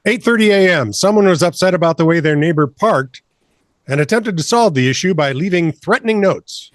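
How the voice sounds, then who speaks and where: A man's voice: sits high, animated, a little fast, dry recording, studio quality. An older man co-hosting a comedy news show, reading odd items in a wry tone and laughing often as he riffs on them. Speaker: co-host.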